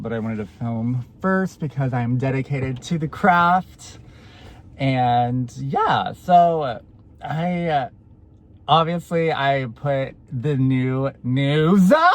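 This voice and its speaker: A man in his twenties, chatting in a casual vlog, gushing and swearing often. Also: fairly high pitch. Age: 20s. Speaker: vlogger.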